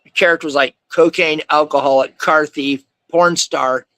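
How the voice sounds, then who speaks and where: A man speaking as a guest in casual conversation, telling stories in an animated way and acting out the people he quotes. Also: a little high, normal speed, dry recording, low-quality recording. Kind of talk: casual storytelling.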